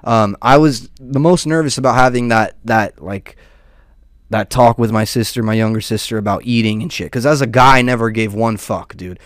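A man's voice: mid-range voice, moderate pace, dry recording, clean studio sound. A young man rambling casually and profanely, peppering his talk with "dude" and "man". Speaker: podcast host.

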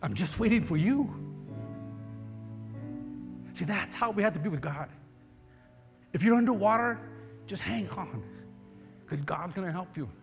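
A man's voice: high-pitched, expressive, moderate pace, vocal fry, long pauses, long reverb tail, faint music behind. A male preacher giving an emphatic, exhorting sermon and calling for amens.

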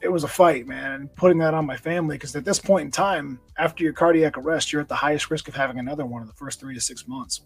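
A man's voice: a little high, breathy edge, dry recording, poor audio. A man, a police officer and nonprofit founder, telling his story earnestly and with emotion in a conversational interview.

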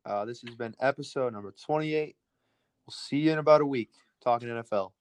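Fast-talking man rattling off sports picks. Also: medium pitch, smooth. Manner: rapid-fire, rattles through picks. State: out of breath. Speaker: sports podcast co-host. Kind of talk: casual sports betting chat.

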